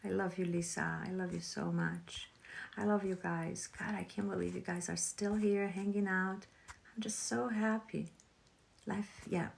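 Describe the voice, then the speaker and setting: A woman hosting a casual spiritual livestream, gushing and chatting warmly with her viewers. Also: mid-range voice, steady tone, measured pace, vocal fry, slight background noise. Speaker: livestream host.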